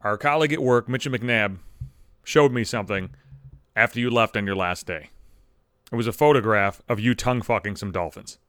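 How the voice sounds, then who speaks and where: A man's voice: lowish voice, normal speed, fairly bright tone, clear, resonant tone, no room sound, studio quality. A young man delivering a profane comedic rant, exasperated and swearing constantly, recorded at home on a microphone. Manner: heavy swearing, exasperated ranting. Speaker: comedic monologue host. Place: home room. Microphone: studio microphone.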